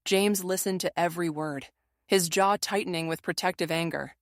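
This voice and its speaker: Female narrator with a low voice, measured and steady, reading a dramatic first-person story, dry booth sound. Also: dry recording.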